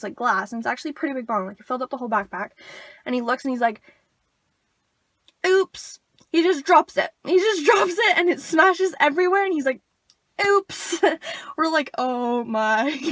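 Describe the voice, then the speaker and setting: A young woman tells a story to her camera in a loose, chatty way, with plenty of "like" and laughter. Her voice sits a bit high. The sound is close and dry, with no room around it. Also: a bit bright, no echo. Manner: chatty, lots of "like", laughs while telling. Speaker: vlogger. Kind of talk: casual storytime vlog.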